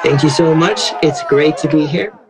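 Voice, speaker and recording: A man's voice: a little high, moderate pace, crowd noise, background noise. A man from Alabama with a Southern American accent touched by a light Irish lilt, a modest, easygoing interview guest. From Alabama, USA. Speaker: guest, church worker. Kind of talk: casual interview chat.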